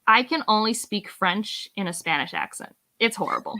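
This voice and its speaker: Bright-voiced woman in wry chat. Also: mid-range voice, animated. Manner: wry, laughs often, quick asides. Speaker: book club host. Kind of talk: casual chat.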